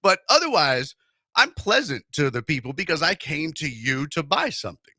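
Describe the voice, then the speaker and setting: The radio host's voice sits a little high and moves at normal speed, captured cleanly in the studio without room sound. Casual and animated, he jokes his way through a story while imitating the voices in it.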